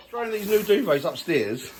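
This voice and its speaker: A man's voice: fairly high pitch, a little hiss or hum. A man, joking and teasing his family in a casual home vlog. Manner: teasing, playful banter. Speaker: family vlogger.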